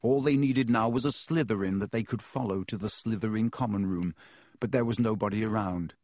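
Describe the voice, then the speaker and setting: A man narrating a children's fantasy novel as an audiobook, in a measured, even storytelling manner. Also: on the low side, dry recording, clean studio sound.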